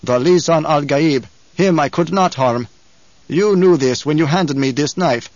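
A man voicing a proud, gruff older desert leader who growls his words slowly and weightily, on a dull lo-fi recording. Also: on the high side, a little mellow, no echo, lightly acted. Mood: grave.

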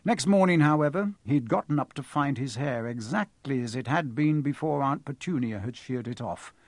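Expressive male audiobook narrator. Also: mid-range voice, moderate pace, dry recording. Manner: expressive, animated storytelling.

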